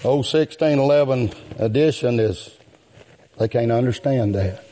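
A man preaching a sermon in a drawn-out cadence that rises into outbursts. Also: mid-range voice, dark tone. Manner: calls out "my friend" and "yes, sir".

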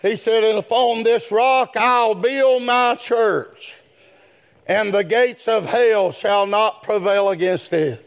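A man preaching a sermon in a whooping, chanted style, swinging between quick low asides and drawn-out shouted phrases, with folksy speech and calls to "brethren.". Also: steady tone, gravelly, clean tone.

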